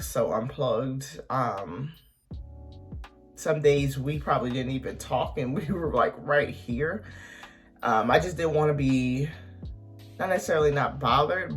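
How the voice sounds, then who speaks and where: Teary woman talking haltingly to camera. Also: extremely low pitch. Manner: hesitant, halting, many ums, emotional. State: on the verge of tears. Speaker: vlogger. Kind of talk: personal confessional vlog.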